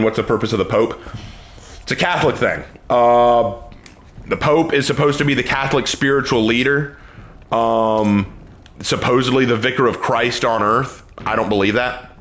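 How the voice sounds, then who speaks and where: A young man on a live stream who answers chat questions about faith in an earnest, emphatic, preacher-like way. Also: fairly bright tone. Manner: earnest, emphatic, pitch swings when preaching.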